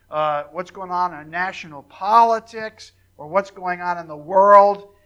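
A man's voice: high voice, pushed and bright, poor audio. An older man preaching an informal sermon to a congregation, telling folksy stories with joking asides and plenty of fillers. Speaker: pastor.

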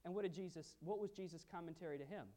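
A woman's voice: lowish voice, fast talker, warm tone. A woman teaching a Bible study class, earnest and emphatic, speaking to her class. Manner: earnest, emphatic, pleading in quoted prayers.

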